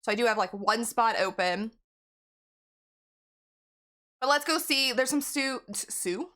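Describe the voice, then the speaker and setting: A woman's voice: fairly high pitch, lively intonation, takes it slowly, sharp tone. A woman game streamer in casual live-stream chat, rambling and giggling as she talks to her viewers.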